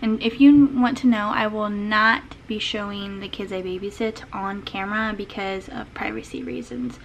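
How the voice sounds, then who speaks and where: A woman's voice: mid-range voice, fairly even intonation, normal speed, creaky, slight background noise, poor audio. A woman vlogging her morning at home as a homeschool mom, chatting casually and laughing often, talking sweetly to her small son. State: out of breath. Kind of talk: casual vlog chat. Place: home kitchen, indoors.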